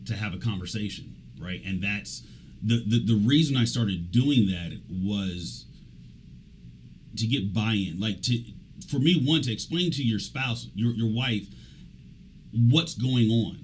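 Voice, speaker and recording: A man's voice: fairly low pitch, measured pace, slight background noise, rough recording. A man hosting a radio talk show as an executive coach, talking casually and animatedly, often trailing off and restarting. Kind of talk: casual conversational interview.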